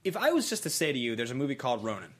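A man hosting a casual movie podcast, loose and joking, filling his talk with "like" and "um." His pitch sits in an ordinary middle range. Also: very fast. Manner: relaxed, joking, many fillers. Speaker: podcast co-host.

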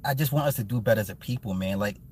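A man in his forties hosting a casual live stream, chatting with viewers in a blunt, profane and animated way, often laughing. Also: lowish voice, racing, slight background noise. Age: 40s. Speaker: live-stream host and movie reviewer.

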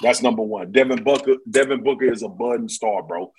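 A man's voice: medium pitch, fairly quick, a little mellow, a little hiss or hum, low-quality recording. A man talking basketball in a casual, slangy, emphatic way on a podcast. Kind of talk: casual sports chat.

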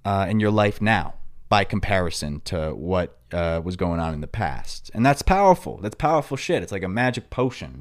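Young male podcast host with a New York accent, lowish voice, rambling and loose with sudden loud bursts. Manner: rambling and filler-heavy, breaking into loud excited outbursts. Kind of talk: casual chat.

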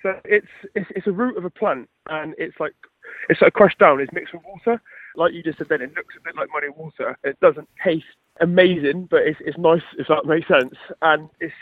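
A man from Cornwall, a rugby player, answering interview questions over the phone in a quick, modest way with many restarts. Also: on the high side, no room sound. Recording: tinny phone line.

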